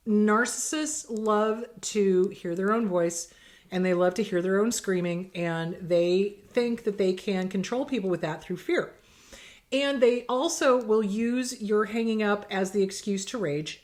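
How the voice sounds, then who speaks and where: A middle-aged woman therapist giving blunt, emphatic advice in casual talk, acting out quoted exchanges. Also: medium pitch. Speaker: therapist host answering viewer questions.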